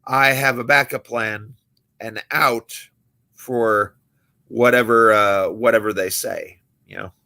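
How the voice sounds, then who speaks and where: This young man's pitch sits fairly low, and his delivery is slow, fairly even, bright and forceful. As a magician running a late-night livestream, he chats easily and acts out the characters in his stories.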